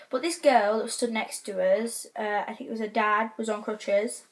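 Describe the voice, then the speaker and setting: Vlogger, fairly high voice, excitable and rambling. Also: female voice, normal speed. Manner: rambling, excitable, many restarts. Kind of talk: casual vlog storytelling.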